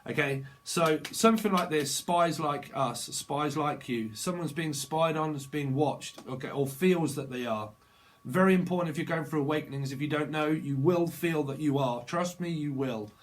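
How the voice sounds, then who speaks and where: A man giving a tarot reading, rambling quickly and bluntly with slang and swearing. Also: a little high, slight background noise. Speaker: tarot reader. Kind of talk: channeled tarot reading monologue.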